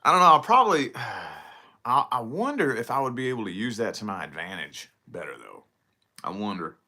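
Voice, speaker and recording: A man's voice: lowish voice, big pitch swings, normal speed, pushed and bright. A man talking casually to camera in a solo vlog, rambling and swearing freely as he picks apart his own habits. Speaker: vlogger.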